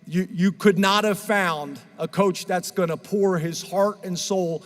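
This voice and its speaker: A middle-aged head football coach gives an earnest, emotional press conference speech. His voice sits high, and it rings out with a long reverb in the room. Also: fairly even intonation, unhurried, faint music behind. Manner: emotional, earnest, choked up at times.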